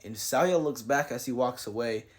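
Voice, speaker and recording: A man's voice: mid-range voice, normal speed. A man recapping and reviewing a manga chapter in a casual, slangy way, paraphrasing the characters' lines as he goes.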